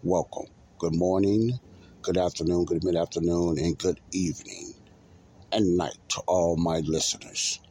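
A man hosting a religious podcast in a casual, rambling monologue. He repeats himself, leans on fillers like "uh" and "you know", and slows down to stress key words. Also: low-pitched, steady tone, dark tone, husky. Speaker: podcast host.

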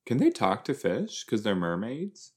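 A man casually commenting while he watches a show, chatty and quick to exclaim or laugh. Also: fairly low pitch, huge pitch swings, darkish tone. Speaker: reaction video host.

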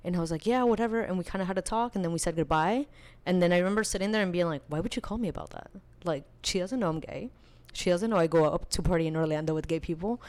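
A young woman chatting casually, telling a personal story in an animated way with lots of filler words. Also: fairly low pitch, fast talker. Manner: chatty, animated, full of filler likes, laughs while telling. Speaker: podcast guest.

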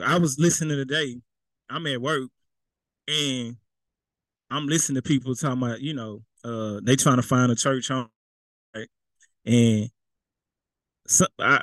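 A man's voice: mid-range voice, dry recording, low-quality recording. Man preaching a casual sermon. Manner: conversational, repeats words, folksy slang.

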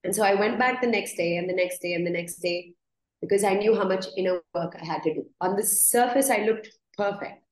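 Speaking a little fast in a mid-range voice, a woman yoga teacher shares reflective stories as a podcast guest in an interview. She's earnest and often restarts her words with a laugh, and the recording is reverberant and low quality.

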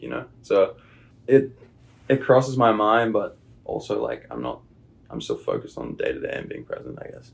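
A young man with an Australian accent chatting casually as a podcast guest, relaxed and rambling with plenty of fillers. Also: fairly low pitch, moderate pace, creaky, husky. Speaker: guest, baseball player. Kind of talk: casual interview chat. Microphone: podcast microphone.

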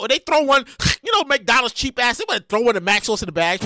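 A woman hosting a podcast, ranting loudly and comically with lots of profanity and shouting. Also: on the high side, quick pace, no echo, clean studio sound. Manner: loud, animated, profane ranting with frequent shouting. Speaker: podcast host. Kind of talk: comedic current-events rant.

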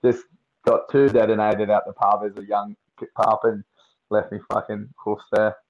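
A man's voice: lowish voice, level tone, normal speed, lo-fi sound. A young Australian man chatting as a podcast guest, swearing freely and telling slangy stories. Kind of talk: casual chat.

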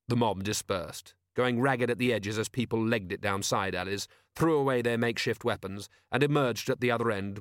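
A man narrating an audiobook in a measured, wry way. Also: mid-range voice, fairly bright tone, no echo, studio quality. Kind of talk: scripted narration.

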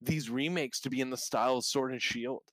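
A man hosting a casual podcast, telling a story with lively, acted-out reactions. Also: medium pitch, a little fast, dry recording, low-quality recording. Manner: animated storyteller, acts out his own reactions. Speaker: podcast host.

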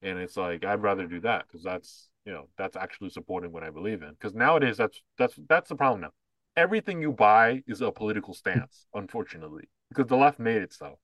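A man's voice: fairly low pitch, animated, quick pace, fairly bright tone, no room sound. A man co-hosting a podcast in casual chat, blunt and profane, rambling with many fillers. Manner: mocking voices when quoting others. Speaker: podcast co-host.

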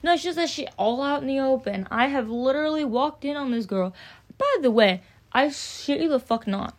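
Young woman, fairly high voice, casual profane storyteller who rambles, podcast host. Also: normal speed, no echo. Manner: profane, rambling, animated anecdotes.

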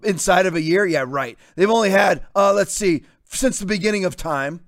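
A man in his fifties hosts a talk show and rants with combative sarcasm. His voice sits high for a man. The recording is dry and close. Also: normal speed, dry recording. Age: 50s. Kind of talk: opinionated commentary.

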